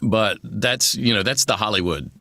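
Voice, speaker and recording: A man who works as a voice actor, chatting in an interview in a rambling, easygoing way with quick asides. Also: on the low side, creaky, pushed and bright. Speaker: voice actor guest. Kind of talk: conversational interview.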